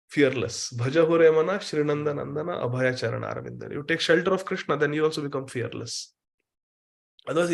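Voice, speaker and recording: A man giving a scripture lecture who chants Sanskrit verses and then retells the story with animated explanation. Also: on the high side, gravelly. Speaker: spiritual teacher.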